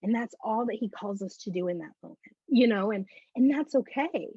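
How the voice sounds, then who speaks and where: Woman, husky voice, animated faith testimony, muffled dry lo-fi recording. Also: medium pitch, fairly quick, dry recording. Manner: animated storyteller who acts out dialogue. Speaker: guest.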